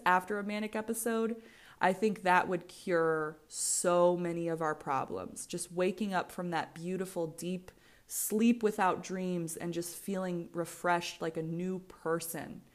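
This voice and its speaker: A woman in her twenties with an American accent, hosting a solo podcast in a candid, rambling way, swearing freely and often restarting her sentences. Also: on the low side. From United States. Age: 20s. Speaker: podcast host.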